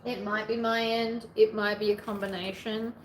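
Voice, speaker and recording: A woman hosting a long sewing livestream in casual chat, playfully narrating each step aloud, her voice a little hoarse from hours of talking. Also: mid-range voice, little pitch movement, normal speed. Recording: echoey room, faint background noise.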